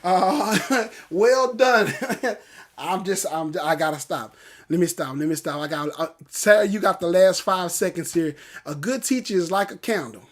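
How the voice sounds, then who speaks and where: Man, high voice, livestream host, casual chat, animated preaching. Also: a little slow. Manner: animated, preacher-like, reads out viewer quotes.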